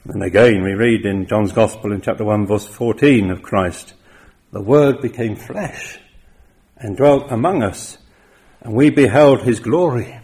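A man preaching a sermon, with emphatic stresses that rise loud and then drop quiet. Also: lowish voice, measured pace.

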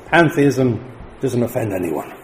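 A middle-aged man preaching a sermon, lifting his voice for emphatic declarations and dropping low and quiet for solemn points. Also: expressive, measured pace, slight background noise, poor audio.

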